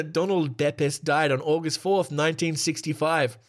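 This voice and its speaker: A man's voice: on the high side, steady tone, measured pace. A man hosting a casual solo podcast, reading out a list while laughing at himself and breaking off to joke. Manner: giggly, irreverent, self-interrupting. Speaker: podcast host.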